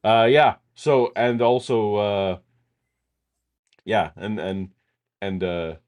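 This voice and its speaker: A man's voice: on the low side, slow pace, darkish tone. A middle-aged man co-hosting a casual chat, telling a long self-deprecating story full of restarts. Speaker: podcast co-host.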